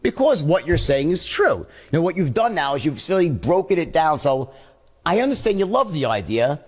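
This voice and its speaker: A man's voice: fairly high pitch, very animated, fairly quick. A man teaching a sales lesson, switching in and out of both sides of a sales call as he explains it. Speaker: sales trainer.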